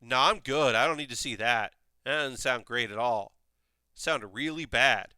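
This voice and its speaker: A young man rambling casually while building a model kit on a live stream, with animated asides. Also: medium pitch, normal speed, smooth, no echo.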